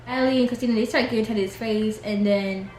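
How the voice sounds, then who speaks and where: A woman's voice: steady tone, fast talker, a little mellow. Young woman vlogger, casual reality-TV recap, chatty filler-heavy delivery, echoey room with faint hiss. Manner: chatty, heavy use of "like", mimics cast members in higher pitch. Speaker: reality TV reviewer.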